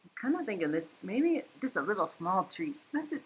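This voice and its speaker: A woman hosting a live painting stream from home, chatting casually, reading viewer comments aloud and thinking out loud as she paints. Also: mid-range voice, big pitch swings, brisk, a little hiss or hum. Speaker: livestream painting host. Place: home, indoors.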